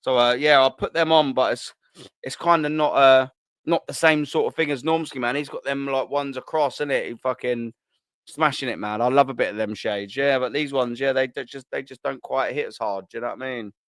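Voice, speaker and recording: Here a man in his thirties from England, London accent and all, runs a live stream, reading out comments amid relaxed, slangy banter and frequent laughter. He speaks briskly in a mid-range voice, steady in tone, a bit bright and clean. There is no echo.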